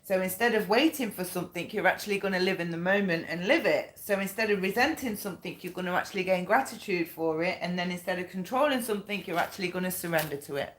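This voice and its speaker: A woman's voice: on the low side, fast, hardly any pauses, slight background noise. A woman giving a casual spoken tarot reading, chatty and blunt, repeating her points and swearing now and then. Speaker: tarot reader. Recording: echoey room.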